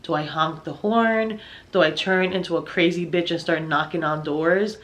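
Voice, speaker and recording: A woman's voice: lowish voice, steady tone, moderate pace, fairly bright tone. A young woman narrating a personal story in a casual storytime style, swearing a lot and sounding exasperated as she acts out what people said. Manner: profane, exasperated, acts out dialogue.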